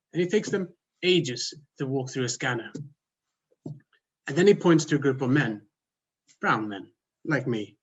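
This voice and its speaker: Man, Swedish accent, husky, dry self-mocking humor, comedy contest speech, video call. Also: mid-range voice, lo-fi sound. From Sweden. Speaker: contest speaker.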